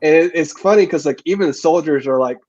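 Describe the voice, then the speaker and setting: A man's voice: a little high, quick pace, darkish tone, dry recording. A man co-hosting a movie review podcast, talking earnestly and reflectively in casual chat. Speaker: podcast co-host. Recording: dull lo-fi sound.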